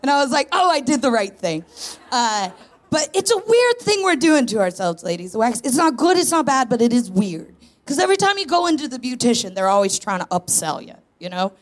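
A woman in her thirties performs a chatty, self-deprecating stand-up set on stage before a live audience as a guest comedian. Her voice sits on the high side, brisk and sing-song.

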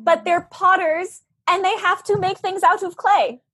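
A woman's voice: extremely high pitch, fairly even intonation, unhurried, sharp tone. A woman podcast host in casual group chat, gushing and firmly opinionated about shows and musicals she loves.

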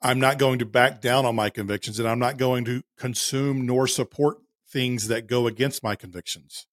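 A man's voice: medium pitch, steady tone, normal speed, no room sound, clean studio sound. A man co-hosting a podcast, speaking in a thoughtful, conversational way. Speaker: podcast co-host. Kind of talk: casual chat.

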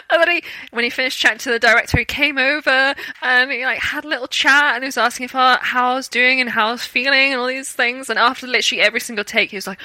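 A young woman from Britain chats as an interview guest, telling her stories with lively acted-out quotes. Her voice is bright and sharp, a little high, and recorded dry and close. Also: fairly quick, few pauses, no room sound. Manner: animated storytelling with acted-out quotes and laughter. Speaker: guest, actor. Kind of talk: casual interview chat.

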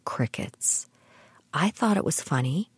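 Brief: middle-aged woman from Canada, lowish voice, dry close sound, reads wry family stories. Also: expressive, unhurried, dry recording. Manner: dry, wry humor with laughs. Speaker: podcast host. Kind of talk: scripted personal storytelling.

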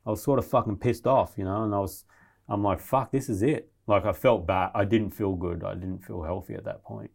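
A man's voice: lowish voice, fairly quick, gravelly. A man telling a survival story in casual, rambling, heavily profane talk. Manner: profane, rambling, animated retelling.

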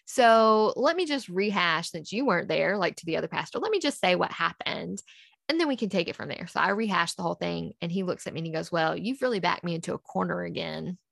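A woman's voice: fairly low pitch, expressive, fast, creaky, a bit bright, dry recording, clean studio sound. A woman, a podcast guest, earnestly recounting a personal story and acting out past conversations in quotes.

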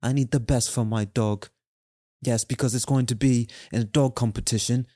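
A man's voice: mid-range voice, steady tone, warm tone, no echo, clean studio sound, close to an everyday voice. A man putting on a posh British dog-show snob. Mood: pompous. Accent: put-on British. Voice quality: posh, pompous, drawn-out. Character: snobbish rich dog-show owner, pampering his dog.

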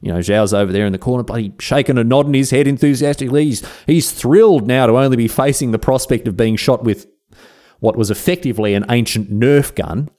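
A man's voice: medium pitch, fairly quick, warm tone. A man hosting a podcast, telling history as comedy with irreverent, slangy asides and the odd swear word. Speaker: podcast host.

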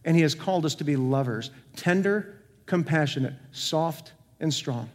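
Higher-voiced male pastor, earnest sermon delivery, reverberant church sound. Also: expressive, normal speed. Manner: earnest preaching with rhetorical questions, swinging between emphatic and soft. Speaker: senior pastor. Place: church sanctuary. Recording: long hall reverb.

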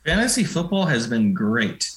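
A man's voice: medium pitch, sing-song, normal speed, fairly bright tone, roomy sound. A man co-hosting a podcast, chatting casually about football with dry jokes. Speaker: podcast co-host. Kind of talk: casual sports chat.

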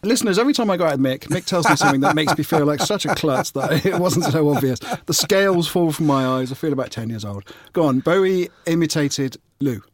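A man's voice: fairly high pitch, expressive, a little fast, few pauses, no echo. A man hosting a casual podcast, prompting and teasing his guest with questions. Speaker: podcast host.

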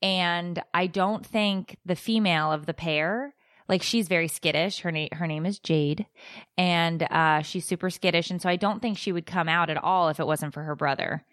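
Lively storytelling woman, slightly low voice. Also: normal speed, no room sound, clean studio sound. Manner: animated storyteller, acts out quoted dialogue. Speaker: podcast co-host. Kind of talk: casual storytelling chat.

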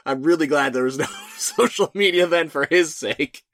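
A man's voice: on the high side, normal speed, a bit bright, no echo, studio quality. A man co-hosting a podcast in casual chat, incredulous and laughing as he swears his way through the film's absurd moments. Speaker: podcast co-host.

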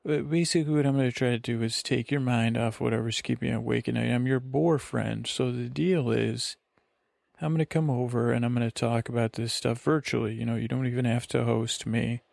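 A podcast host at a lakeside vacation spot rambles in meandering circles, drowsily interrupting himself to help listeners drift off to sleep. His mid-range voice is steady, gravelly and darkish, delivered briskly, with no room sound.

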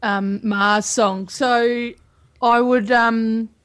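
A woman, a comedian guest on a quiz podcast, hesitant and deadpan with lots of ums. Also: on the high side, drawn-out words, clean tone.

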